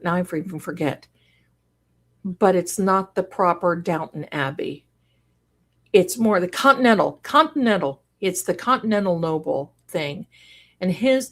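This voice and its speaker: A woman hosting a casual livestream, reading viewer comments aloud and gushing over them with sudden excited exclamations. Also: lowish voice. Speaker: livestream host and card reader.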